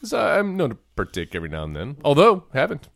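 A man of about forty co-hosting a movie podcast, joking and animated in casual chat. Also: on the high side, gravelly, no echo, studio quality. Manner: joking, animated, quick to laugh. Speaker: podcast co-host.

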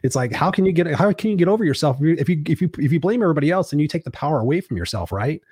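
A man's voice: fairly high pitch, animated, racing, darkish tone, breathy edge, dry recording. A man hosting a podcast, speaking in an upbeat, encouraging, motivational way. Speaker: podcast host. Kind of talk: motivational interview talk.

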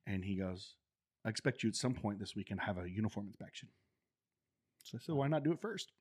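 Animated man telling army stories. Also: on the low side, fast, breathy edge. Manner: animated, acts out quoted voices, laughs often. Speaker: Marine veteran telling stories. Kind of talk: casual storytelling.

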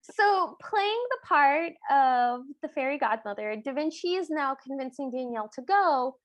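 High-voiced woman co-host. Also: lively intonation, moderate pace. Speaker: podcast co-host. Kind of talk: casual movie recap chat.

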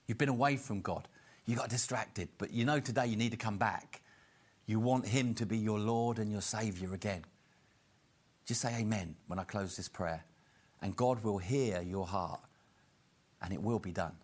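A male preacher with a slightly low voice delivers a sermon in an earnest, steady way. He slows his words to stress each key point.

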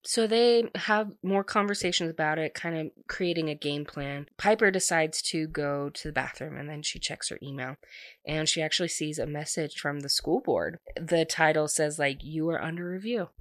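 A young woman with a lowish voice, chattily recapping a novel and filling her talk with "like". The sound is dry and close, with no room around it. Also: normal speed, a bit bright, no echo. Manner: chatty, heavy use of "like". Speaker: book reviewer. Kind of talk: casual book recap.

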